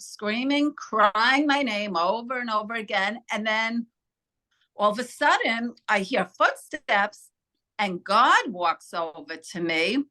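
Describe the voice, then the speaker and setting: A woman being interviewed as a spiritual healer, earnestly telling a personal story with halting restarts. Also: mid-range voice, pushed and bright.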